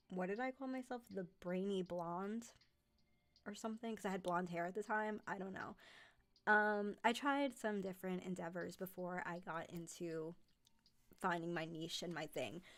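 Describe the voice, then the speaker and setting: A young woman talking loosely to her stream audience. She rambles and restarts her sentences, full of fillers. Her voice sits at a middling pitch. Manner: rambling, chatty, many fillers and self-corrections. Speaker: streamer and narrator. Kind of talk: casual live-stream chat.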